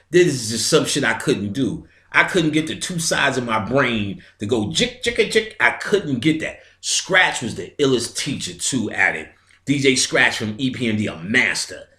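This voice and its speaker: Middle-aged New man, mid pitch, casual storytelling lecturer, recorded in an echoey room. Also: bright, forceful tone. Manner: streetwise, profane, imitates sounds and other voices. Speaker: metaphysical lecturer. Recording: roomy echo.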